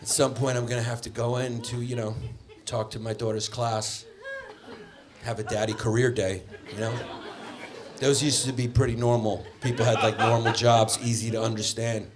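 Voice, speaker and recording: A man's voice: medium pitch, normal speed. A male stand-up comedian doing a crude, playful set on a comedy club stage, talking into a handheld mic. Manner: animated, crude, playful, with voices. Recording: live club with crowd laughter.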